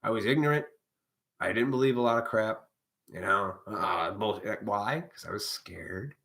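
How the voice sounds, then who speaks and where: A man's voice: lowish voice, normal speed, creaky, fairly bright tone. Blunt, profane man ranting on a stream. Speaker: live stream host. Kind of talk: casual ranting monologue.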